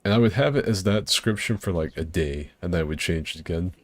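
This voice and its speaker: Deep-voiced man chatting while gaming. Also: quick pace. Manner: laid-back, rambling, swears freely, laughs often. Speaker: streamer playing co-op with friends. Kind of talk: casual gaming chat.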